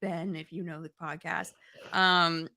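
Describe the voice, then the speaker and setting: A woman in her thirties co-hosting a live podcast, talking in an animated way and laughing often. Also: lowish voice, measured pace. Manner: animated, laughs often, breaks into movie impressions. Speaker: podcast co-host. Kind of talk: casual live podcast chat.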